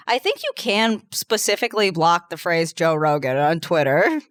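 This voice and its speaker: A woman's voice: lowish voice, very animated. A woman guesting on a comedy podcast, teasing and laughing in casual chat. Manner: quick, teasing, laughs a lot.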